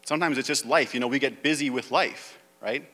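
A man's voice: mid-range voice, fairly quick, bright, forceful tone. A male pastor preaching a sermon, reading scripture aloud and then pressing his point with rising emphasis. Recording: long hall reverb.

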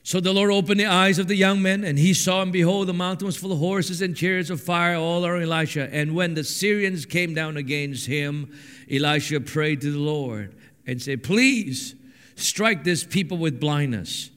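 A man preaching a sermon, telling stories with animated swings from hushed to shouting. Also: a little high, normal speed, smooth. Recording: echoey hall with long reverb.

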